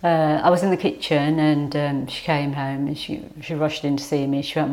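Middle-aged mum being interviewed, low voice, lots of ums, halting. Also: female voice, flat delivery, a little mellow, faint music behind. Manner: hesitant, many ums and restarts. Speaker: interviewee, mother. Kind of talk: casual interview.

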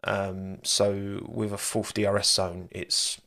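Chatty man, low rambling voice. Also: flat delivery, slow, gravelly, bright, forceful tone. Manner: rambling, chatty, laughs at own asides. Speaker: podcast host. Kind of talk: casual motorsport chat, live-streamed.

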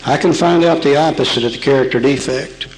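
A man's voice: mid-range voice, a little fast, soft background music, rough recording. A man speaking at a recovery seminar in a folksy, plain-spoken teaching manner, asking his audience rhetorical questions. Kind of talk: recorded seminar talk.

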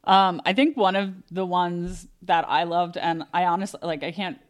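A woman's voice: on the low side, normal speed, no echo, clean studio sound. A woman co-hosting a casual film review chat, playful and teasing, laughing often. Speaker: co-host of a film review show.

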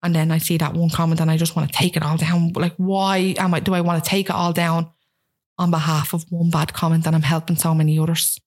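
Woman, about thirty, animated guest, casual chat. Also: deep voice, quick pace. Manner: animated, acts out quoted voices.

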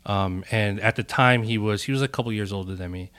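A man in his thirties, a music producer, telling stories in a laid-back podcast chat, often trailing off softly. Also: brisk. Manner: laid-back, trailing off into a soft low voice, frequent "like". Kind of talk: casual storytelling in a podcast conversation.

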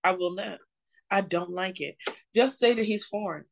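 A woman's voice: medium pitch, moderate pace, creaky. A woman co-hosting a podcast in casual chat, ranting bluntly and with exasperation, swearing often. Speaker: podcast co-host.

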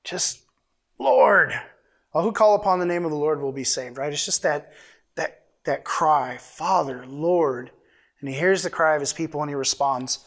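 A man delivers a relaxed, conversational sermon, his voice sitting a little high. He reads scripture aloud and breaks off into playful asides, like a friendly preacher talking with his congregation. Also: fairly quick. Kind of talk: informal sermon.

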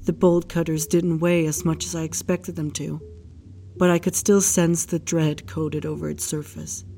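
A woman narrating in the first person for an audio drama, in a hushed, grief-stricken retelling. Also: low-pitched, little pitch movement, moderate pace, a little hiss or hum. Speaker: narrator recounting a case file.

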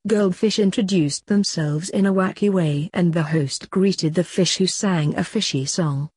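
Female author-host narrating her story; low, breathy, dry. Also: measured pace, darkish tone, no echo. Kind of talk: story reading.

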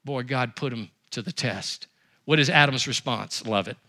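A man preaching a sermon as pastor, with emphatic repetition and quick rises and drops. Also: medium pitch, bright, forceful tone.

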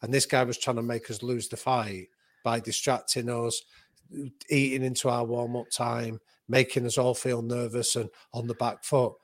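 A man recounting a story in a dry, close-sounding recording. He tells it in vivid, anecdotal detail, restarting quickly when the words run ahead of him. His voice sits at an ordinary middle pitch. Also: level tone, no room sound. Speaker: boxing coach and author. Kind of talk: animated conversational storytelling.

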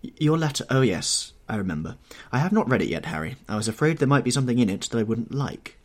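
A man voicing an impassioned, self-absorbed young English gentleman in an audiobook reading, with a husky tone and heightened emotional delivery. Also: mid-range voice, animated, fast talker, close to an everyday voice. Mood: earnest.

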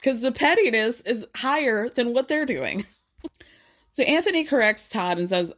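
A woman's voice: on the high side, big pitch swings, normal speed. A young adult woman giving a casual, gossipy and sarcastic recap of a reality show episode.

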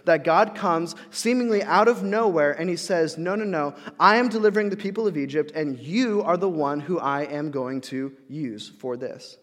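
A man's voice: a little high, moderate pace, hardly any pauses. A young adult man preaching a conversational sermon, with casual fillers and restarts, acting out quoted voices. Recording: long hall reverb.

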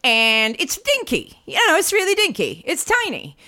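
A woman's voice: sits high, huge pitch swings, normal speed, bright, forceful tone. An American woman co-hosting a casual podcast, telling an indignant story with lots of asides. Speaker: podcast co-host.

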